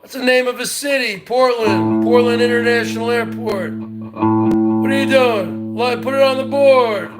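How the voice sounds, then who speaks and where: A man doing a comic impression of a brash loudmouth who taunts a rival over and over in shouty bursts. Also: very high-pitched, lively intonation, unhurried, loud music behind the voice. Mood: taunting. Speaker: parody comedian. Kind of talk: comedic impression rant.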